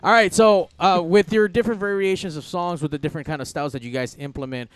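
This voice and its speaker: Fast-talking joking podcast host man. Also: sits high, steady tone, smooth. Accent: Southern California. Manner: fast, crude, joking banter. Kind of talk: casual raunchy podcast chat.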